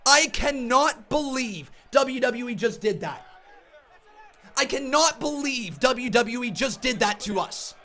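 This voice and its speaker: A man ranting furiously on a live reaction stream, shouting, swearing and repeating words in angry bursts. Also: very high-pitched, lively intonation, slow.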